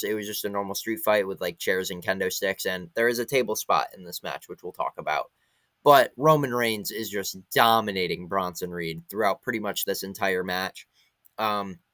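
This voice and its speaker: A young man giving a casual recap of a wrestling event, retelling the action in an excited play-by-play way. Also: on the low side, dry recording.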